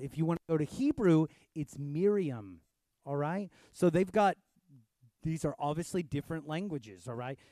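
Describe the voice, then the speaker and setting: A man's voice: a little high, mellow, no echo. A man in his thirties preaching a sermon, answering questions in a conversational way that builds to emphatic peaks. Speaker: pastor.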